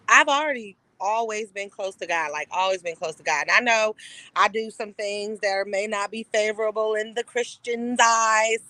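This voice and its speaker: A woman's voice: fairly high pitch, bright, forceful tone, no echo. A woman on a group call sharing a candid, earnest testimony with lots of fillers. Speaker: call participant. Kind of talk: casual testimony.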